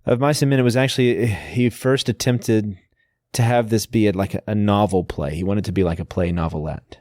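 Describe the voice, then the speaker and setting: Low-voiced man explaining books casually. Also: brisk, a little mellow, no echo, studio quality. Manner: explanatory, lists facts, frequent restarts. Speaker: podcast host. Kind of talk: casual book discussion.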